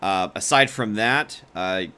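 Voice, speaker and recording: A man with a lowish, bright voice co-hosts a podcast chat. He talks loosely and swears freely as he steers the conversation. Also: unhurried, clear, resonant tone. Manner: chatty, swears freely, leads the discussion. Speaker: podcast co-host. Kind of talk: casual comic-book ranking chat.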